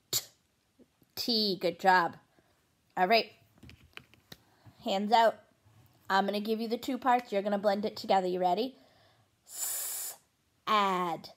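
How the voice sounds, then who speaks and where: A woman teaching a pre-K phonics lesson, sounding out letters and words clearly and slowly for young children, with encouraging praise between them. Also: mid-range voice, fairly even intonation.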